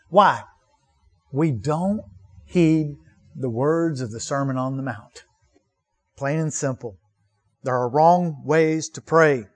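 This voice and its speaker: High-voiced man preaching a sermon. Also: a little mellow. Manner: earnest preaching with rhetorical questions and emphatic repetition. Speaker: pastor.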